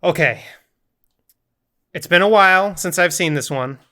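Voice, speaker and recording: Bright, playful male co-host. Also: high voice, measured pace. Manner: playful, teasing. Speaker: podcast co-host. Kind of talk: casual game-show chat.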